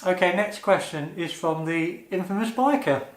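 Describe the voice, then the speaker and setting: A motovlogger answers viewer questions in a casual Q&A vlog, earnest and a bit hesitant with frequent ums. His voice is slightly high for a man and moves at a moderate pace. The echoey room makes the sound bounce around.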